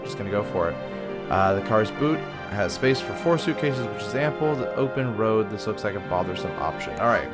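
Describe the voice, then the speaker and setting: A man's voice: lowish voice, expressive, brisk, over loud music. A man hosting a gaming channel, chatting and thinking aloud while reading game text. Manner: chatty, thinks aloud, frequent ums and restarts.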